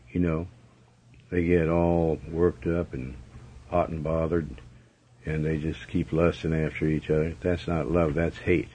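A man's voice: very deep voice, a little mellow, breathy edge. A man preaching a sermon commentary in a blunt, scolding way, hammering his points with repetition. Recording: dull lo-fi recording.

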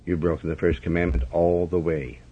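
Blunt, scolding male preacher. Very low, husky voice. Dull lo-fi sound. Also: level tone, brisk. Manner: blunt, scolding, repetitive emphasis. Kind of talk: sermon commentary. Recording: dull lo-fi recording.

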